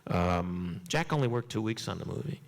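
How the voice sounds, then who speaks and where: An older man being interviewed, telling a comic anecdote with lively acted-out dialogue and stammering restarts. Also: low-pitched, normal speed, creaky. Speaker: interview guest. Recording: long hall reverb.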